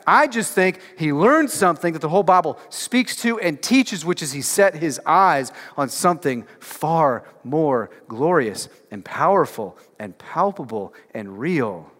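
A male pastor keeps a measured pace with hardly any pauses, his slightly high, slightly bright voice full of lively intonation. He preaches casually to the congregation, using lots of filler words and emphatic rhetorical questions, in a church sanctuary with long hall reverb.

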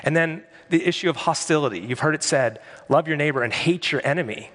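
A man's voice: a little high, a little fast, a bit bright. A man preaching a sermon as pastor, earnest and emphatic, often repeating his key phrases. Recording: long hall reverb.

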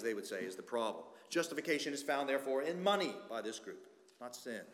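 A man's voice: fairly high pitch, a bit bright. A man preaching a sermon as pastor, emphatic and fond of rhetorical questions, recorded in a church sanctuary. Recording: echoey church hall reverb.

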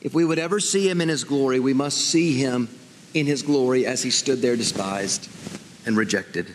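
A man's voice: medium pitch, moderate pace, a little hiss or hum. A man preaching a sermon as pastor, earnest and full of rhetorical questions. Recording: long hall reverb.

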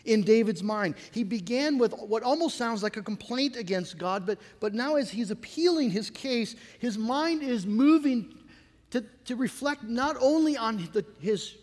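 A man preaching a sermon in an earnest, measured way, reading scripture aloud with dramatic weight. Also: very high voice, expressive, darkish tone, in a large hall. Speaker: pastor.

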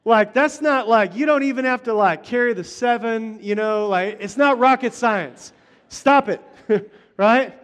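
Speaking in a very high-pitched, slightly slow and somewhat bright voice, a middle-aged pastor gives a conversational sermon. He often restarts his phrases and talks straight to the people in front of him.

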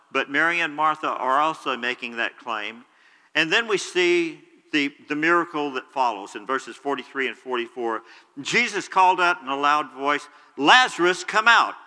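A man's voice: a little high, bright, forceful tone, long reverb tail, rough recording. A man preaching a sermon, earnestly explaining scripture and retelling it in his own words.

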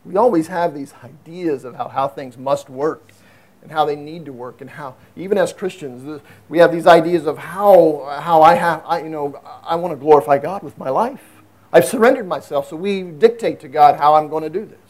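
A man preaching a sermon in an earnest way, swinging from emphatic raised passages to low, quiet asides. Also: normal speed. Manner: earnest, rises to emphatic high peaks then drops low and quiet.

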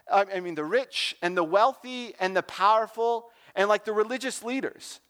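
A man's voice: sits high, fairly bright tone. A man giving a casual sermon as a youth pastor, informal and joking, often asking "right?".

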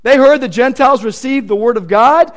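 A man's voice: very high voice, brisk. A male pastor preaching a sermon in an earnest, emphatic way, leaning on repeated points.

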